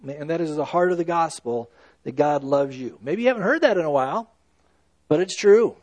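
Earnest higher-voiced male preacher. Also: lively intonation, normal speed, no room sound. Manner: earnest, emphatic preaching with swings between loud and hushed. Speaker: pastor. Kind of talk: sermon.

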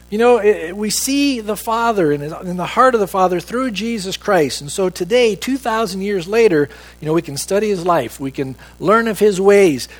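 High-voiced man preaching a sermon. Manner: emphatic preaching, quotes scripture in a slower voice. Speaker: pastor.

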